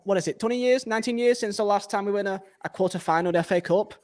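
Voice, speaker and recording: A man hosting a casual football podcast, talking in excitable, punchy bursts. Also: high-pitched, rapid-fire. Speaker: podcast host.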